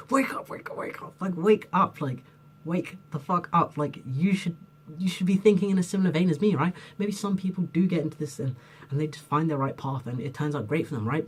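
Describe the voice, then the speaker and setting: A young man with a husky, slightly breathy voice delivers an unscripted rant to camera. He rambles and restarts, gets heated, swears freely and leans on "like" constantly. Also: high voice. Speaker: vlogger.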